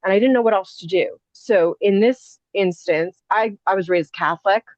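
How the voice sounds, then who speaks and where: A woman in her thirties telling a story casually as a podcast guest, animated and full of fillers and quick asides. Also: mid-range voice, no room sound. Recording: dull muffled sound, dry.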